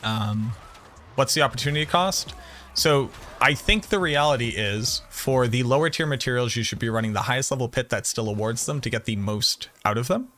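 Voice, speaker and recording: A man with a Boston accent chatting casually on a game stream, telling animated stories and swearing freely. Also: mid-range voice, normal speed, a little hiss or hum. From Boston area, USA. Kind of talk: casual live-stream chat.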